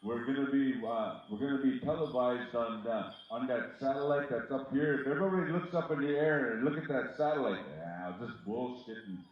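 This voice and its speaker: A man's voice: mid-range voice, a little fast, hardly any pauses, muffled recording. Man announcing over a distant echoing PA. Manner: joking, teasing, calls out names. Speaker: powwow announcer. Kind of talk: live event announcing on a PA. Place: outdoor powwow arbor. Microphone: PA microphone heard from far off. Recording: distant PA voice in an echoey outdoor space.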